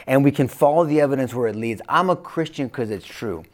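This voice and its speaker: A man as an interview guest, giving an impassioned faith testimony that swings between loud bursts and hushed, low tones. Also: expressive, brisk.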